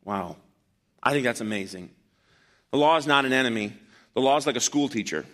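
A man preaching a sermon to his congregation, animated and emphatic, with loud bursts and quiet asides. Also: medium pitch, brisk. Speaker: pastor. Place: church.

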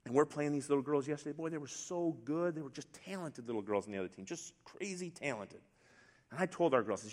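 A middle-aged man preaching a sermon to a congregation, storytelling in a relaxed, conversational way with asides. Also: on the high side, fast. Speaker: pastor. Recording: long hall reverb.

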